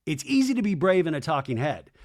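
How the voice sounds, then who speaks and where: A male podcast host giving a comedic, profane TV recap in animated, rapid storytelling. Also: on the high side.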